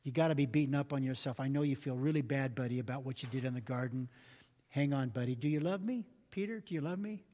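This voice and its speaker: A man putting on the voice of Jesus, talking in casual modern words with calm reassurance. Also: sits high, normal speed, husky, long reverb tail, exaggerated voice. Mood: gentle. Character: Jesus, calm confident man addressing others.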